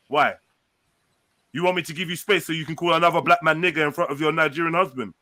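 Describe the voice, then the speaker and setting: A man's voice: fairly high pitch, fast talker, pushed and bright, a little hiss or hum. A man arguing heatedly on a live stream call, repeating himself and talking over others. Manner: combative, repeats phrases, talks over others. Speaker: panelist in a live stream debate.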